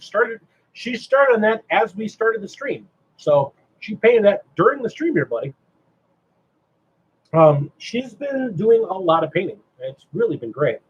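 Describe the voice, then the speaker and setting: A man hosting a casual livestream chat, animated and asking himself rhetorical questions. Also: high-pitched, breathy edge, dull audio. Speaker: stream host.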